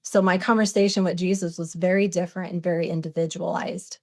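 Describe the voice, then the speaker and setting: A woman in her forties speaks fast in a lowish voice with fairly even intonation. As a podcast guest in a storytelling interview, she earnestly recounts a personal experience, acting out the dialogue as she goes.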